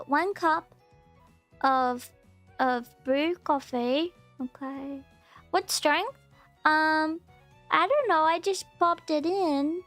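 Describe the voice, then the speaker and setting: A woman streaming as a VTuber, chatting playfully while she bakes and teasingly scolding her viewers. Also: fairly bright tone. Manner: playful, mock-scolding chat with sudden squeaky outbursts. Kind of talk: casual stream chat.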